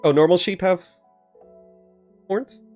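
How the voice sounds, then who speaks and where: A man's voice: high voice, slow, warm tone, faint music behind. A man hosting a podcast, joking casually with his guest. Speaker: podcast host.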